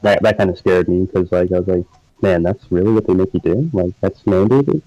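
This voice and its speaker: A man's voice: sits low, brisk, warm tone, dry recording, highs cut off. A young man co-hosting a casual live stream chat, rambling with lots of filler words and frequent laughter. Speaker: podcast co-host.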